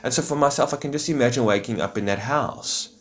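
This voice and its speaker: A man's voice: medium pitch, quick pace. A man in a rambling, reflective monologue, full of fillers. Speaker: vlogger.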